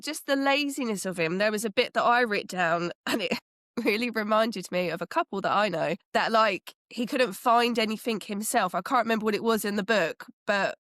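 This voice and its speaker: A woman's voice: medium pitch, fairly bright tone, no room sound, studio quality. A woman co-hosting a casual book chat, laughing often and trailing off mid-thought. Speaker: podcast co-host.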